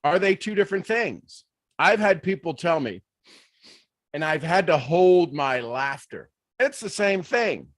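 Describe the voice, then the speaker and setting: A man giving a motivational leadership talk on a live stream, animated, full of rhetorical questions and restarts. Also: a little high, unhurried, no echo. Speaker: leadership speaker.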